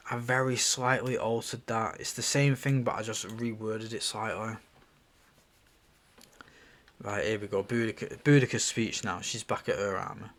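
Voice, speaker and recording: A man with a lowish voice reads through his own screenplay. He is relaxed and musing, and he stops now and then to comment on his scenes. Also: unhurried.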